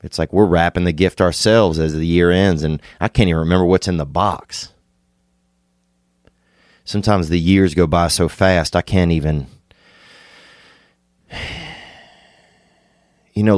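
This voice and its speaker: A man, hosting a podcast and rambling through an absurd comic monologue, laid-back with sudden excited bursts. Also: low voice, normal speed, pauses often, dry recording, studio quality. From Louisiana. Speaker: podcast host.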